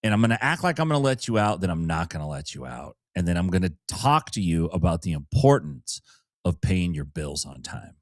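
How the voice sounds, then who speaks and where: Here a jiu-jitsu coach co-hosts a grappling podcast, his low voice swinging widely in pitch and moving a little fast on a dry recording. The talk is loose and wry, full of jokes, with laughter slipping into his words.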